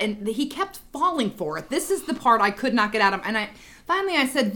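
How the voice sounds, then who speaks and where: A woman's voice: on the high side, lively intonation, fairly quick, sharp tone. A middle-aged woman co-hosting a podcast, animatedly telling a family story and laughing along. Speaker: podcast co-host. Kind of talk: casual storytelling chat.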